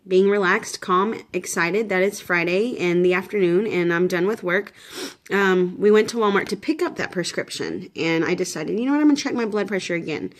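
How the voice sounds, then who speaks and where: A woman in her thirties chats to the camera about her week in a loose, rambling way, full of "um"s and restarts. She sounds tired and a little shaky, and her voice sits at an ordinary middle pitch. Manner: chatty, rambling, many fillers and restarts. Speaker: vlogger. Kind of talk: casual pregnancy update vlog.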